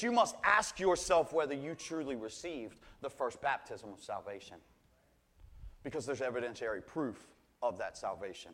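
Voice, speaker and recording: Earnest, slightly high-voiced man preaching. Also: expressive, a bit bright. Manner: earnest, slows down hard to stress key words; often repeats words as he restarts phrases. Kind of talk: sermon.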